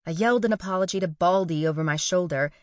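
A woman's voice: fairly low pitch, fast, no echo, clean studio sound. A young woman narrating a first-person story with wry, sarcastic and profane humor.

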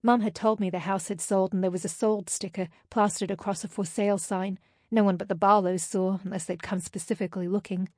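An audiobook narrator reads a first-person novel in a steady, intimate way. Her voice is medium-pitched, and the recording is dry with clean studio sound.

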